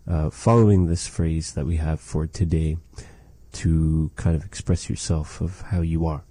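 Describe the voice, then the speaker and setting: A man's voice: rumbling low, fairly even intonation, unhurried, dark tone, no room sound. A man teaching a language lesson, patiently repeating words for practice. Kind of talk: language lesson with repetition drills.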